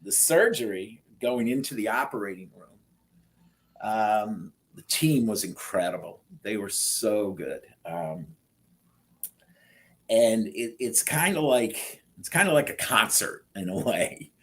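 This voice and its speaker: A middle-aged man telling his story in an interview, animating the quoted dialogue with lively jumps in his voice. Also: on the low side, takes it slowly. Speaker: guest sharing transplant story.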